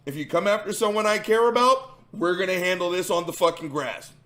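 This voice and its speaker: High-voiced, profane ranting man. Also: fairly quick, bright, forceful tone. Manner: profane, combative, sarcastic. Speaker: commentary host. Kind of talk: ranting reaction commentary.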